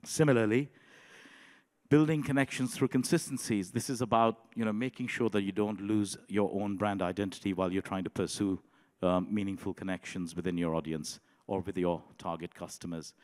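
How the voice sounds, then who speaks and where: A man giving a conference presentation in a measured way, often pausing with um and you know. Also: low voice, steady tone, darkish tone, in a large hall. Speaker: conference speaker. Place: conference hall.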